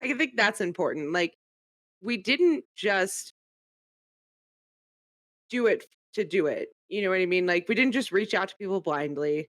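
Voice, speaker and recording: A woman's voice: mid-range voice, moderate pace, long pauses, dry recording, studio quality. Chatty woman co-host, teasing tone. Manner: animated, teasing, lots of "like". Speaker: podcast co-host. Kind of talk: casual podcast chat.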